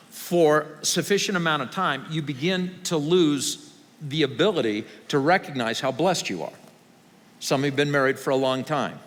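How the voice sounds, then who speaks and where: A man's voice: medium pitch, fairly bright tone. A male pastor giving a sermon, conversational and wry, building to raised, emphatic passages. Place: large church hall. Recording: long hall reverb.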